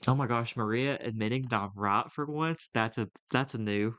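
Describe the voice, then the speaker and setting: A man's voice: medium pitch, normal speed, a bit bright. A young man co-hosting a podcast, telling a story in a casual, rambling way with lots of fillers and restarts. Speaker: podcast co-host. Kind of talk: casual chat.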